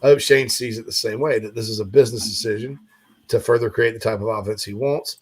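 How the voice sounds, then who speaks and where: A man's voice: fairly low pitch, steady tone, fast. A man hosting a sports talk show, rambling casually with lots of fillers and restarts.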